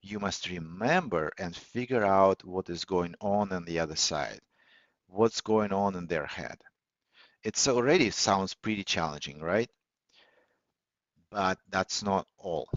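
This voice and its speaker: A man hosting a live online audio session, teaching in a measured way with many fillers and restarts. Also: deep voice, expressive, no echo. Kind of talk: teaching talk on listening skills. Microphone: computer or phone mic on a call. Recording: dull, lo-fi audio call, dry.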